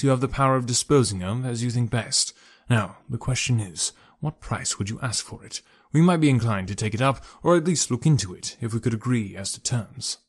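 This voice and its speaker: A man reading the lines of a scheming, greedy army major in an audiobook, in a halting, guarded way. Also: mid-range voice, darkish tone, close to an everyday voice. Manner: halting, guarded officer's speech.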